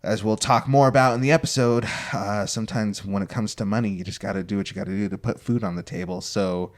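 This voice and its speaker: A man hosting a casual podcast, with a lowish voice. He rambles loosely and playfully as he sets up hypothetical scenarios. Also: fairly even intonation, quick pace. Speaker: podcast host.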